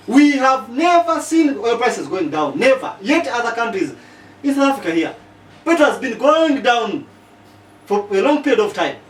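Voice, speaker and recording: A man's voice: high-pitched, reverberant, distant mic, slight background noise, rough recording. A man explaining a political point, often asking "okay?" to check listeners follow and working out figures aloud. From Uganda. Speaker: political commentator. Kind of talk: explanatory talk to camera. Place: living in South Africa.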